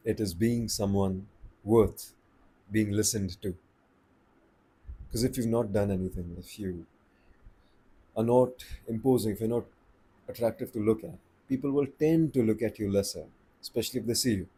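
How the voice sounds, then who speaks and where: A man giving voice tips in a relaxed, unhurried, conversational way, slowing down to stress his points. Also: fairly low pitch, breathy edge. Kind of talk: casual advice talk to camera.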